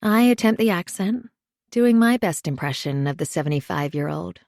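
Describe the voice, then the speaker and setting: A woman narrating a thriller audiobook in the first person, measured and understated. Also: fairly low pitch, expressive, creaky, darkish tone, no room sound, studio quality.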